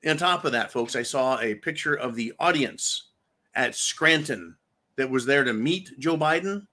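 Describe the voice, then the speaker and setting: A man's voice: medium pitch, animated, normal speed, pushed and bright. A man hosting political commentary, delivering an angry, profane, sarcastic rant and repeating himself for emphasis.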